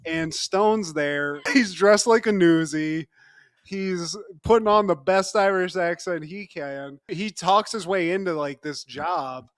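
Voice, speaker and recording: A man's voice: sits high, slow pace, no echo, clean studio sound. Jokey man recapping a show. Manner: jokey, laughing often, slips into mock voices. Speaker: podcast co-host. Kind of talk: casual recap chat.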